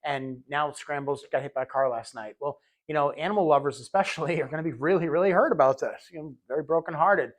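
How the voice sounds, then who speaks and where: A man teaching a recorded training lecture for healthcare aides, talking in a relaxed conversational way, often repeating words as he restarts a thought. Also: fairly high pitch, fast, hardly any pauses. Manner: conversational, acts out little scenes in quoted voices.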